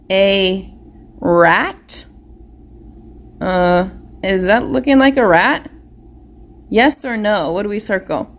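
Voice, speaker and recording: Her voice a little high, a woman teaches young kids phonics in a live online class. She stays patient and encouraging, firing off question after question.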